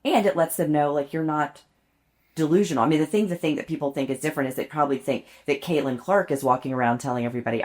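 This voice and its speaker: A woman with a low-pitched voice chats casually on a podcast. She tells stories with frequent laughter and pokes fun at herself. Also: steady tone, racing, darkish tone. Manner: chatty, laughs often, self-deprecating storytelling. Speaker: podcast co-host. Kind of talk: casual chat.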